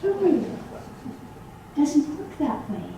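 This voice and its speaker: A woman minister giving a sermon to a congregation in a church hall, animated and acting out the voices she quotes. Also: on the high side, slow pace, noisy background. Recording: echoey hall, voice from far off.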